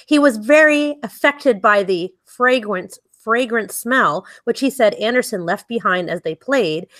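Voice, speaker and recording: A woman's voice: a little high, expressive, unhurried, a bit bright, dry recording. A woman co-hosting a podcast, reading out news stories and laughing often in casual chat. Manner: giggly, reads stories aloud with laughs.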